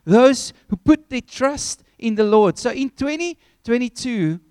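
A man preaching a sermon, telling a story with animated, acted-out scenes. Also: very high voice, measured pace, clear, resonant tone, no room sound.

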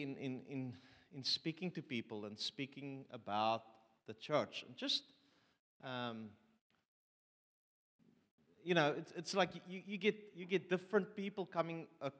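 Halting pastor, echoing church. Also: male voice, fairly high pitch, fairly bright tone. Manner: halting, repeats words often before finding his point. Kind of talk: sermon. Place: church hall.

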